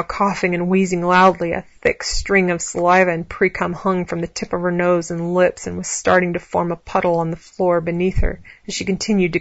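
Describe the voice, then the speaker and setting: Brief: woman reading an erotic story, even and flat, close and dry. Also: fairly low pitch, dry recording, lo-fi sound. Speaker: narrator.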